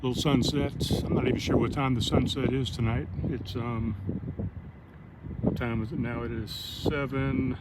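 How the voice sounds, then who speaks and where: A man's voice: mid-range voice, normal speed. A middle-aged man chatting casually and rambling through an update while out on a walking trail, speaking into an earbud mic. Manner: relaxed, rambling, friendly. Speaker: vlogger. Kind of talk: casual chat. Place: outdoors on a walking trail at sunset. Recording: outdoor traffic noise. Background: traffic noise.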